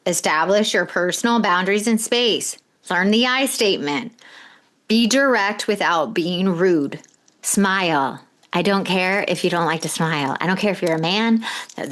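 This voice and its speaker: Blunt, direct woman podcast host. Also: mid-range voice. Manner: direct, blunt, coaching tone with casual swearing; gives short punchy tips in lists. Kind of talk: solo podcast advice talk.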